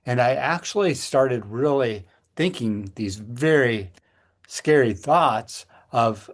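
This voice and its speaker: A middle-aged man, a podcast co-host, telling a personal story in casual chat, earnest and halting with frequent restarts. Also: mid-range voice, animated.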